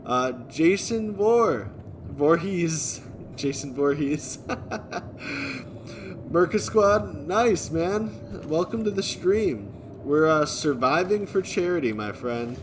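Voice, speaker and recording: A man live-streaming, reading and answering viewer chat in a relaxed way, chuckling often. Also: a little high, slow, noisy background. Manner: laid-back, chuckling often, thanking viewers.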